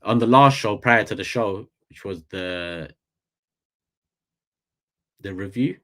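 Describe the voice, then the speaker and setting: A man with a London accent hosting a casual livestream, animated and slangy, repeating phrases for effect. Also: fairly low pitch, slow pace. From England. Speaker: livestream host.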